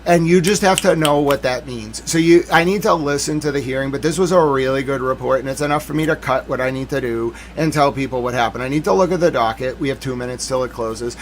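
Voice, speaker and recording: A man hosting a live stream, ranting with mock outrage and then settling into calmer musing. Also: medium pitch, fast talker, few pauses. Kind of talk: live-stream commentary rant.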